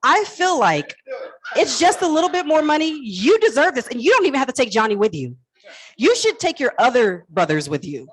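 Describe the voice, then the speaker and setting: A woman's voice: high voice, sing-song, a little fast, breathy edge, dry recording, poor audio. A woman calling a live charity auction on stage, playfully coaxing and teasing bidders by name. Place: event hall stage.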